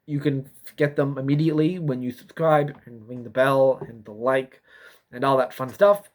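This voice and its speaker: A young man, a YouTuber who gives sports predictions, talks through a prediction in a casual vlog. His voice is medium in pitch and his speed is normal, and he rambles and repeats himself, yawning now and then.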